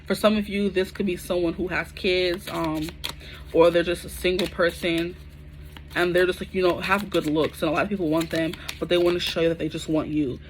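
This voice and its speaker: A woman in her twenties doing a casual, chatty tarot reading to camera, full of slang and animated asides. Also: on the low side, brisk, slight background noise. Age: 20s. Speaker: tarot reader.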